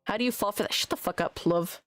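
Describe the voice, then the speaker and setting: A woman's voice: medium pitch, fast, fairly bright tone. A woman streaming a game, chatting casually with her viewers, teasing them and swearing freely. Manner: teasing, swears a lot, talks back to chat.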